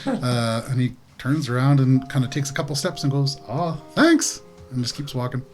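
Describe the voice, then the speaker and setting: A man narrating as game master of a tabletop game, playful and lively, often laughing. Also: mid-range voice, brisk, loud music behind the voice.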